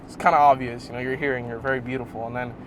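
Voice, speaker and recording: A young man telling a casual, rambling story for his fitness vlog. He swears often and gets animated as he talks. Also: medium pitch, very fast, slight background noise. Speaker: fitness vlogger.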